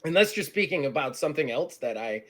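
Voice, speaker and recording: A hoarse man narrating as game master in a tabletop game, animated and quick to laugh. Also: on the high side.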